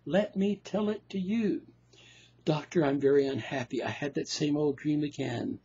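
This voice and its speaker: A man's voice: fairly high pitch, moderate pace, dark tone, breathy edge. A man playing an anxious, self-dramatizing patient, delivering rhyming lines with dramatic, plaintive emphasis. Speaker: performer reading a play. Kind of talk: theatrical monologue. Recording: dull lo-fi recording.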